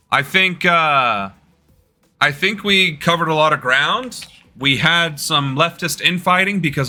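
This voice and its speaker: This political streamer from the United States is a young man casually bantering with his live audience as he games, loose and joking as he talks to chat. He speaks on the high side, in a pushed, bright tone.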